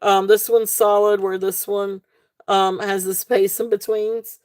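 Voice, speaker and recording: A woman's voice: medium pitch, flat delivery, measured pace, a little mellow. A woman hosting a casual live jewelry sale, chatty and laughing often, with many fillers and restarts. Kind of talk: casual live-stream sales chat.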